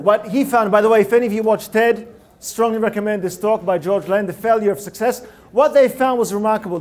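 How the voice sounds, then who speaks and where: A man with a noticeably high speaking voice delivers a TED-style talk from a lecture hall stage. He is animated and punchy, firing rhetorical questions at the live audience. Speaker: public speaker.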